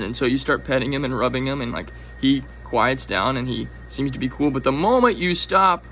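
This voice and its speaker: Man, vlogger, animated musing delivery, bright tone, faint hiss behind. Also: mid-range voice, brisk, hardly any pauses, rough recording. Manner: animated, musing, with sudden soft drops. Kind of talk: musing monologue to camera.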